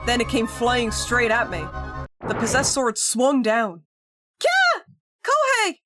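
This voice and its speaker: A woman streamer reading a visual novel aloud in an expressive voice, dropping in joking asides. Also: fairly high pitch, a little slow. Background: game music.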